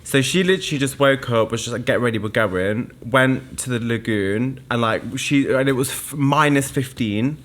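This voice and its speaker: A man's voice: mid-range voice, moderate pace, hardly any pauses, a bit bright, slight background noise. A young man, co-hosting a podcast and chatting casually, telling stories with plenty of laughter. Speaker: podcast co-host. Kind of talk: casual chat, storytelling.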